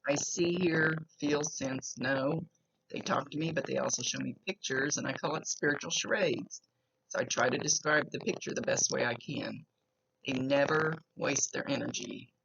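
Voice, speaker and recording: A woman's voice: extremely low pitch, normal speed, gravelly, fairly bright tone, slightly rough. A woman psychic medium talking casually in a chatty, rambling way during a reading. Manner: chatty, rambling, laughs often. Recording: lo-fi with faint noise.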